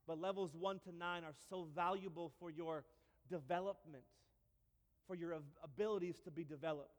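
A male pastor giving a sermon in a church, telling stories with lively humor and repeated phrases. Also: fairly high pitch, moderate pace, big-room sound. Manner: animated storytelling with repeats and humor.

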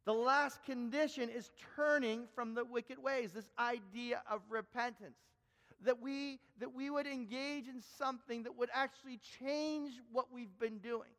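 Male preacher with a high voice, earnest sermon delivery that doubles back on words, recorded with a long hall echo. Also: fairly even intonation, measured pace, fairly bright tone. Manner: earnest, repeats words as he builds each point.

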